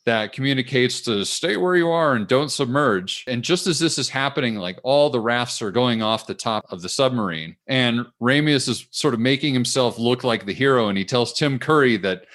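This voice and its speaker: A man's voice: medium pitch, expressive, normal speed, few pauses, a bit bright. A man co-hosting a film podcast, recapping the plot in a rambling, chatty way and laughing often. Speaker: podcast co-host. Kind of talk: casual movie-review chat.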